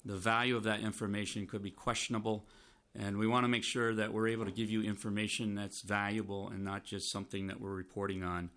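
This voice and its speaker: Hoarse man testifying formally. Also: on the low side, flat delivery, a bit bright. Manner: measured, with frequent restarts. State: losing his voice, clearing throat. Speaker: state transportation commissioner testifying.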